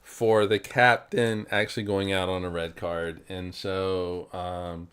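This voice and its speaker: A man's voice: low voice, flat delivery, slow pace, a bit bright, clean tone. A man from New Zealand co-hosting a podcast in casual chat, rambling with lots of fillers and frequent swearing. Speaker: podcast co-host.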